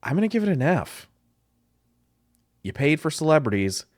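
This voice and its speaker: A man in the role of a marketing professor delivers ad reaction commentary, bluntly picking apart a commercial with clear exasperation. His voice swings widely in pitch as he talks. The sound is close and dry, with almost no room echo. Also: big pitch swings, normal speed. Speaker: marketing professor reviewing ads.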